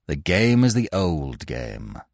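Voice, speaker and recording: A man voicing a gentle, wry male plainclothes police officer who speaks slowly. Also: lowish voice, wildly swooping pitch, no echo, clean studio sound, exaggerated voice.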